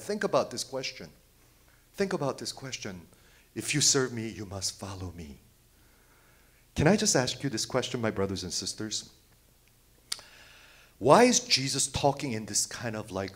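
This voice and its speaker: A man preaching a sermon, asking the congregation rhetorical questions, swinging from loud outbursts to hushed near-whispers. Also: medium pitch. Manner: rhetorical questions, repeats phrases.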